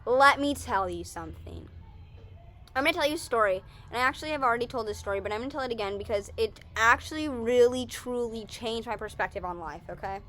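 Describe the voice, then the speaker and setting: A woman's voice: a little high, brisk, fairly bright tone, soft background music. A young woman casually chatting in a Q&A vlog, rambling and self-correcting as she talks. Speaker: vlogger.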